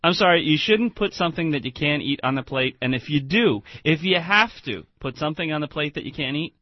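A male radio host and restaurateur trades amused stories in casual banter. His voice is mid-pitched, close and dry, with a slightly dull, muffled tone. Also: expressive, a little fast, no room sound. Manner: chatty, amused storyteller.

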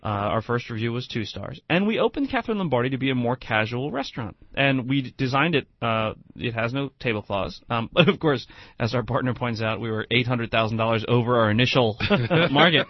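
A man co-hosting a casual radio talk show about restaurants, chatty and animated, with many restarts. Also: mid-range voice, a little fast, dry recording, dull audio.

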